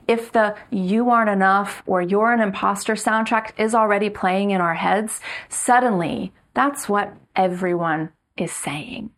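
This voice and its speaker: A middle-aged woman, a pastor giving a sermon in a measured, earnest way with slow, emphatic repetitions. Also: mid-range voice, fairly bright tone.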